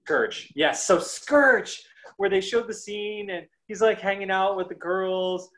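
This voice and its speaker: A man's voice: sits high, a little slow, a bit bright, rough recording. A man co-hosting a podcast, rambling and restarting his thoughts in casual chat. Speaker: podcast co-host.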